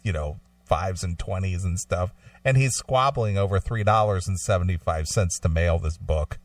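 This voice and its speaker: A man's voice: deep voice, normal speed, no echo, recorded from a distance. A man co-hosting a radio talk show, telling rambling anecdotes in casual, profane chat.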